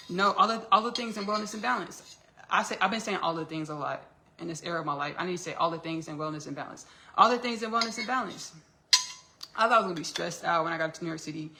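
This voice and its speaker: A woman's voice: medium pitch, vocal fry, pushed and bright. A woman from Texas chatting on a casual live stream while cooking in her home kitchen, calling her listeners "baby" and laughing often.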